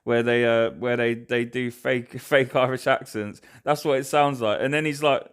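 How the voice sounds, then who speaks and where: A man's voice: mid-range voice, steady tone, normal speed, clear, resonant tone. A man hosting a reaction video, chatting casually with lots of fillers and restarts.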